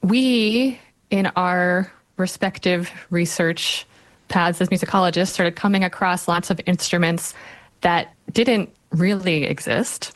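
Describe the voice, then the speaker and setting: A woman speaking as a guest author in an interview, explaining in a measured way. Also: lowish voice.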